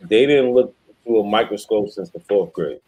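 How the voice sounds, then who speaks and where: A man's voice: on the low side, moderate pace, warm tone, rough recording. A man in casual podcast chat, blunt and profane when he makes a point.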